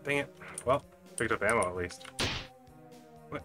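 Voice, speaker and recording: A man's voice: on the low side, moderate pace, long pauses. A man commenting playfully on his own play of a shooter game, joking and talking to himself as he goes. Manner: playful, jokey, talking to himself while playing. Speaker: gaming channel host. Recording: game music playing behind.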